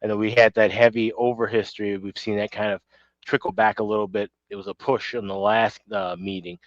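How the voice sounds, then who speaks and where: A man co-hosting a betting show, giving brief, low-key takes in a casual way. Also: flat delivery, a little fast, no room sound, highs cut off. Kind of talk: casual sports betting analysis.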